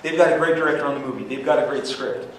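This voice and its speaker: A man on a convention panel, telling animated stories and acting out quotes in bursts of high pitch. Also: rapid-fire, a little hiss or hum. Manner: energetic, acts out quotes with sudden high-pitched outbursts. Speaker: comics creator on a convention panel. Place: large convention hall. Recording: echoey hall from far off with crowd.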